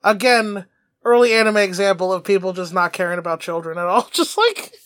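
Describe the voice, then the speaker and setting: A man co-hosting a podcast in casual comedic chat, excitable, laughing often and swearing freely. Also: sits high, fairly quick, dry recording. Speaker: podcast co-host.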